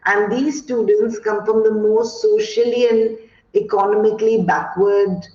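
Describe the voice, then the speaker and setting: Slow-talking Indian woman teacher trainer. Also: mid-range voice, steady tone, darkish tone. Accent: Indian English. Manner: slow, storytelling, many fillers. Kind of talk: online teacher training talk. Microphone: video call. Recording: echoey dull video call audio.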